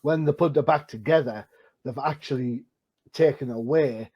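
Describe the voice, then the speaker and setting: A man co-hosting a comics podcast in casual chat, relaxed and chatty with asides. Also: mid-range voice, moderate pace. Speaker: podcast co-host. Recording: slightly dull lo-fi sound.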